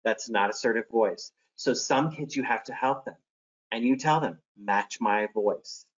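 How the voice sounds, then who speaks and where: Here is a man presenting a teacher training session, friendly and practical, with a voice of middle pitch. He acts out examples to make his points. The audio is dull and lo-fi. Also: normal speed.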